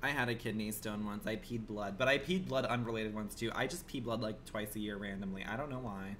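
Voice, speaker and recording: A man streaming a game live, commenting in a campy, profane way and swinging from low murmurs to shrill outbursts. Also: brisk, fairly bright tone, slight background noise.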